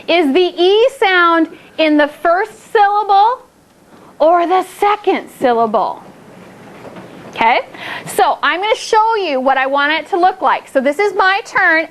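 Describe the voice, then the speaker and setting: A woman leads second graders through a phonics lesson in a classroom. Her voice sits very high, and she stretches each target word out slowly before cheering the children on. Classroom noise is clearly audible behind her. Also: animated, a bit bright. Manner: slow, drawn-out words for children, upbeat praise.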